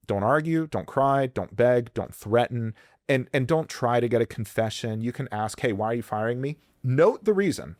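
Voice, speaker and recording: A man's voice: mid-range voice, dry recording, clean studio sound. A man giving blunt, profane workplace advice in a podcast interview, often acting out quoted voices. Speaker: employment lawyer guest.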